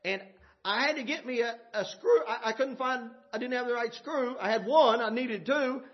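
A man preaching a sermon, swinging from loud shouted points to low murmurs, with laughing asides. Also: moderate pace, lo-fi sound.

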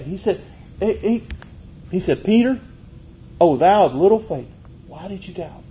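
A man preaching a folksy, animated sermon, chuckling as he tells stories. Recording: muffled, low-fi with faint noise.

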